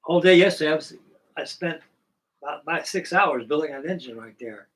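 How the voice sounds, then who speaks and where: A man's voice: on the high side, lively intonation, a little fast, distant mic, slight background noise, poor audio. A middle-aged man hosting a live stream, chatting casually and folksily while he builds models, with rambling talk and casual swearing.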